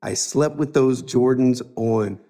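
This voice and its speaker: A man's voice: mid-range voice, takes it slowly, dark tone. Earnest man in his fifties telling stories. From United States. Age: 50s. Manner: earnest, emotional storyteller who acts out dialogue. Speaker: guest. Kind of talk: storytelling interview.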